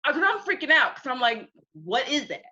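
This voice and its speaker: Through a muffled, very noisy recording, an American woman with a high-sitting voice speaks fairly quickly as an interview guest. Animated in this casual interview, she laughs, swears, and acts out quotes while telling her stories.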